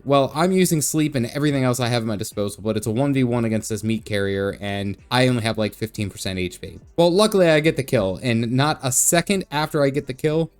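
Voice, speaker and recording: A man at mid pitch talks through his game session in a loose, jokey way, and he breaks into goofy character voices now and then. Soft music plays faintly behind him. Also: animated, fast, hardly any pauses. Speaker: gaming vlogger recapping his stream. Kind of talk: casual game recap narration.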